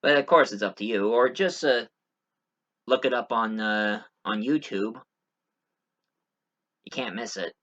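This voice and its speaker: Guy rambling thru a movie review, bright voice, kinda dull lo-fi sound. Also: lowish voice, measured pace, long pauses. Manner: rambling, many fillers and restarts. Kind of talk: casual spoken movie review.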